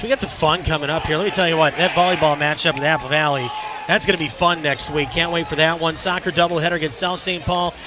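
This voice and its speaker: A man calling a local high school football game, excitable and shouting at big plays. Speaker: play-by-play announcer. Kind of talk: local sports commentary. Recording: crowd noise behind.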